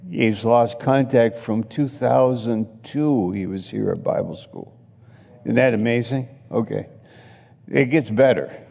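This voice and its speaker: A man's voice: mid-range voice, unhurried, vocal fry, darkish tone, in a large hall. A man preaching a sermon, telling chatty stories with laughs and acted-out quotes. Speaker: pastor. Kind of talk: sermon storytelling.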